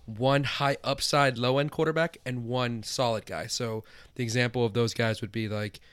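Smooth-voiced man talking fantasy football. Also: mid-range voice, steady tone, a bit bright, no room sound. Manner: quick, chatty advice with many fillers. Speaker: podcast co-host. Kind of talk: casual fantasy football chat.

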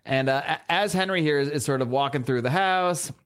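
A man's voice: on the high side, fairly quick, fairly bright tone, clear, resonant tone. A man co-hosting a live podcast, casually recapping a comic book scene by scene with many restarts and lines of dialogue read aloud. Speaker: podcast co-host. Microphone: podcast mic, live show.

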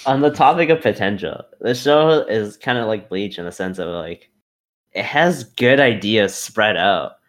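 A man co-hosting a podcast in casual chat, agreeable and quick to laugh. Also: lowish voice, lively intonation. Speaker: podcast co-host.

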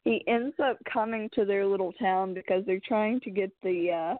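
A woman chatting casually about a film, retelling scenes in an animated, rambling way with lots of filler words. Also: mid-range voice, moderate pace, no echo. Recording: tinny phone-like sound.

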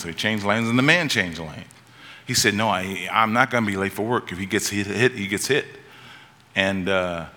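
A man preaching a sermon in a church, his voice lower-pitched but bright and forceful. He tells stories and climbs to urgent, high peaks at the key moments. A long hall reverb trails behind every line.

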